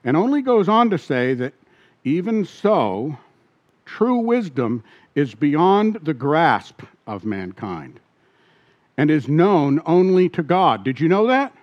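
A man's voice: on the high side, sing-song, slow, highs cut off. A man preaching a sermon as pastor, often asking his listeners questions and repeating key points.

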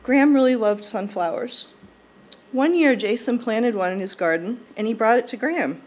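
A young woman delivering a prepared eulogy at a funeral service, in a warm, fond and measured way. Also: fairly high pitch. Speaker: eulogy speaker.

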